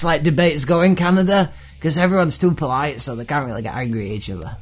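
A man's voice: a little high, a bit bright. A man hosting a comedy podcast, riffing irreverently and profanely on news items. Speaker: podcast host. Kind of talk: comedic monologue reading tweets.

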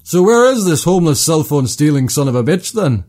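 A man's voice: high-pitched, big pitch swings, normal speed, a little mellow, slightly rough, soft background music, heavily acted. A man putting on a politely stern Canadian cop. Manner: stern yet courteous, calls everyone son. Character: overly polite male Canadian police officer.

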